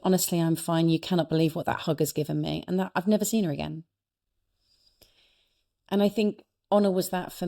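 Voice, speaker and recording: A middle-aged woman with a fairly low voice tells a personal story on a podcast. She talks with earnest warmth and often restarts her sentences. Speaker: guest, speaker and coach. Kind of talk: reflective storytelling in a podcast interview.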